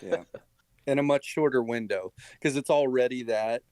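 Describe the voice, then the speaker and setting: A man's voice: medium pitch, normal speed, a little mellow, no room sound. Joking man on a dry mic. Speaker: podcast guest. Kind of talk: casual gaming podcast discussion.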